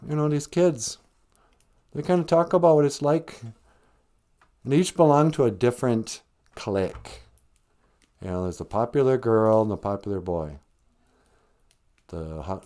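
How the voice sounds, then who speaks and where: A man's voice: lowish voice, warm tone, clear, resonant tone. A man hosting a live stream, retelling a film in a rambling, chatty way. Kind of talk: casual storytelling.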